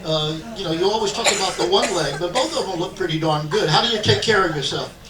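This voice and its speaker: A man's voice: sits high, fast talker. Friendly male interviewer on stage. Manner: friendly, complimenting questions. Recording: echoey room, far off, crowd.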